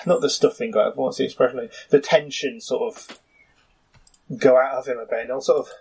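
A man narrating a tabletop game as game master, halting and full of "you know", with restarts. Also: medium pitch, steady tone, husky, low-quality recording.

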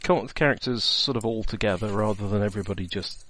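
A man with a somewhat low voice talks through a tabletop game as its game master. He rambles casually, full of fillers and side remarks. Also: quick pace, fairly bright tone.

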